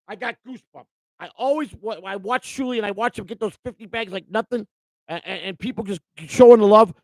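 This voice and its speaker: A man's voice: high-pitched, a little mellow, no echo. A man hosting a live stream in casual chat, overjoyed and near tears, talking emotionally with lots of stammering and repeated words.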